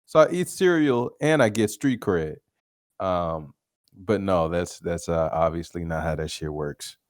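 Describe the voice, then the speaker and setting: A podcast host with a deep, animated voice tells casual stories on his own at an unhurried pace. He laughs often and swears freely, and the studio sound is clean with no room sound.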